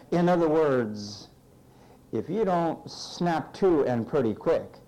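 In a low-quality recording, a man with a slightly high voice preaches a sermon slowly, reading scripture aloud. He animatedly and sarcastically acts out the complaints of the person in the verses, mocking them.

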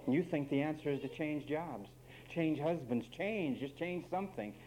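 A male preacher delivers a sermon with a slightly raised pitch and a mellow, warm tone. He is emphatic and wry, turning to address the men and then the women of his congregation directly. A faint hum of ambient noise sits behind him. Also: normal speed, poor audio.

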